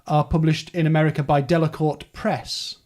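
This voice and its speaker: A man hosts a relaxed book podcast in a chatty, rambling way. His voice sits a little higher than most men's. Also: moderate pace. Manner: chatty, rambling through publishing details. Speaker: podcast host. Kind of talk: casual book-club chat.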